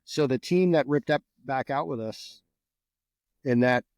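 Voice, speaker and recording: A man's voice: mid-range voice, a little slow, dry recording. A middle-aged man from New Jersey, a veteran guest, telling stories casually with lots of swearing and repeated words. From New Jersey, USA. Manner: profane, animated, repeats words. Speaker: guest, Green Beret veteran. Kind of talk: casual storytelling.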